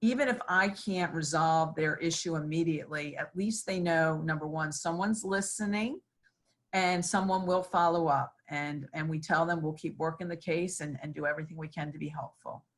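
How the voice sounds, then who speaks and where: Low-voiced woman senator answering questions. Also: moderate pace. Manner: earnest, with many fillers. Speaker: state senator. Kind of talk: interview answers.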